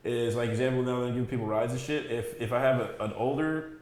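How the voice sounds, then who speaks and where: A man in his thirties on a casual podcast, talking loosely with plenty of swearing and quick mock voices. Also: medium pitch, darkish tone. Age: 30s. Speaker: podcast co-host. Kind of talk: casual chat. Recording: echoey room with faint noise.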